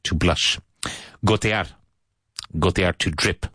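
An Irish man teaching English vocabulary, saying each word slowly and repeating it for learners. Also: low-pitched, fairly bright tone, husky, no echo. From Ireland. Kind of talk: vocabulary lesson.

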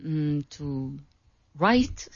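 A woman's voice: sits low, sing-song, extremely slow, creaky, breathy edge, dry recording. A woman student answering in an English class, hesitant and unsure of her words. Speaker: language student. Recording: dull lo-fi dry recording.

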